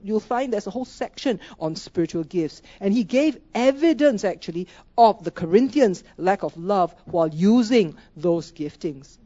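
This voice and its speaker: A woman's voice: mid-range voice, dark tone, no room sound, highs cut off. A woman preaching a sermon, emphatic, asking rhetorical questions and repeating key phrases.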